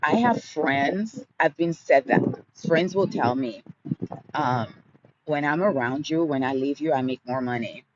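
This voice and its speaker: A man hosting a live question-and-answer stream, speaking in a slow, soothing, affirming way. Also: on the high side. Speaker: livestream host. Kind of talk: motivational live Q&A. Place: outdoors. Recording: dull lo-fi sound, street noise.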